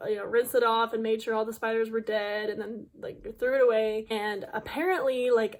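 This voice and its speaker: A young woman YouTuber telling a dramatic storytime to her viewers in a chatty, filler-heavy way. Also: on the high side. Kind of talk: casual storytime vlog.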